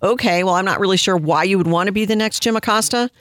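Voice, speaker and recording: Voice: mid-range voice, fast talker, a bit bright, clear, resonant tone, no echo, clean studio sound. Indignant, sarcastic political commentator. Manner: indignant, sarcastic, mocks quoted voices. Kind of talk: opinion commentary.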